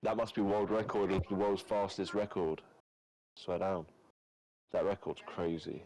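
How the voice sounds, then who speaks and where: Deep streamer, crude slangy trash talk with mates on chat. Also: male voice, steady tone, moderate pace, darkish tone, poor audio. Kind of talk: casual banter with friends on voice chat.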